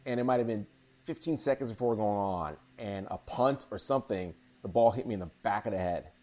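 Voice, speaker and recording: A man with a fairly low voice tells stories from his broadcasting career. He is animated and loose, full of fillers and restarts, as a guest in a casual interview. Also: a little fast. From Chicago.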